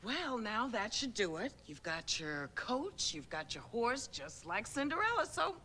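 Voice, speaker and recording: A cheery, oblivious fairy godmother, bubbling along with wide, lively swoops in her voice. She sounds scatterbrained and sunny, as if on a children's TV show. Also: fairly high pitch, measured pace, a little hiss or hum, exaggerated voice. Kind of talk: children's TV puppet acting.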